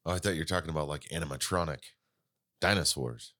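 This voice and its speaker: Deep-voiced co-host, dry close sound. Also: male voice, fast talker, no room sound. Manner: relaxed, laughs easily, playful banter. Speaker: podcast co-host. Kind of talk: casual podcast chat.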